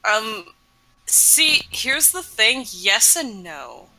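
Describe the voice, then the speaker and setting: A woman playing her character in a tabletop game, talking casually and haltingly. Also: fairly high pitch, big pitch swings, sharp tone, dry recording, low-quality recording. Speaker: player.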